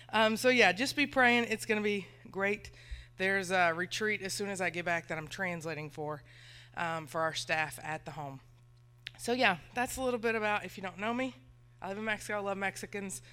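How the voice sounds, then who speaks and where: A woman's voice: mid-range voice, bright, forceful tone. A woman, a missionary sharing a nervous, chatty testimony in church. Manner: nervous, chatty, laughs often. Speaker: missionary speaking to the congregation. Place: church sanctuary.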